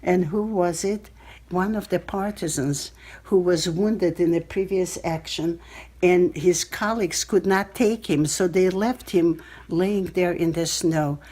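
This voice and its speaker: An elderly woman in her eighties from Belarus tells her memories in an interview, her voice sitting a little low. She speaks haltingly, restarting phrases as she searches for words. It is captured on a cell phone. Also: warm tone. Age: 80s. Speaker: Holocaust survivor interviewee. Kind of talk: personal storytelling in an interview.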